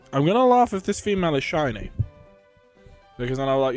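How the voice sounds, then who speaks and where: A man's voice: a little high, sing-song, fairly quick, pauses often, a little mellow, soft background music. A British man streaming a video game live, chatting casually with viewers, joking and swearing often as he laughs at himself.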